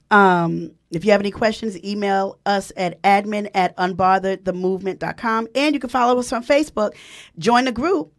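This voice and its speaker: A woman hosting a casual online radio talk show, excitable and quick to laugh and exclaim, greeting listeners in the chat. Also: mid-range voice. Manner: spells words aloud, reads chat comments.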